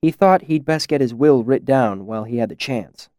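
A man's voice: high-pitched, lively intonation, brisk, dry recording, studio quality, voice pushed up. A man voicing a humble, friendly male innkeeper eager to serve his customers. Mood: obliging.

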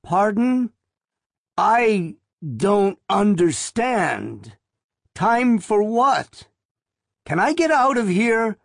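Male narrator voicing a weak, quavering old man, panicky and pleading, high-pitched. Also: very animated, extremely slow, gravelly, no room sound, clean studio sound, full character voice. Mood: panicked. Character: frightened old man buried alive, quavering.

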